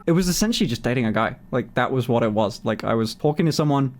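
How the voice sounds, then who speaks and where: A man's voice: mid-range voice, animated, quick pace, faint music behind. A man in his twenties chatting casually on a livestream, answering viewer questions candidly, swearing freely and laughing often. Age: 20s. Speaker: streamer.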